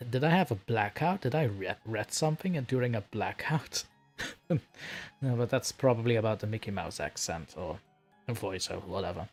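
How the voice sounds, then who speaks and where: A man's voice: mid-range voice, a little mellow. Giggly, self-mocking male streamer. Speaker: streamer, horror story narrator. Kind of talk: casual live-stream chat.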